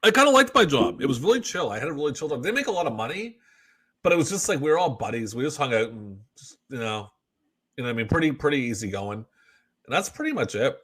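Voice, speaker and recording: A man from Canada co-hosting a podcast in casual chat, animated and swearing, acting out little exchanges with quoted voices. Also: medium pitch, quick pace, breathy edge. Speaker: podcast co-host.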